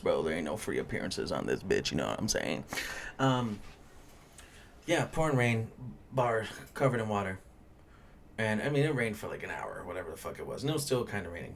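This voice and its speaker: A young man rants about his bartending shift in a loose, foul-mouthed podcast style, blunt and exasperated. His voice sits a little low. A faint hum of ambience runs under the recording. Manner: blunt, ranting, swears freely. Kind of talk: casual profane storytelling.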